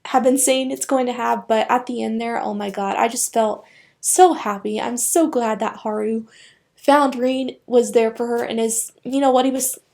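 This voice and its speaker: Female reaction host, slightly high voice, excitable and rambling, laughs a lot. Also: normal speed, creaky. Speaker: anime reaction channel host. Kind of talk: casual reaction commentary.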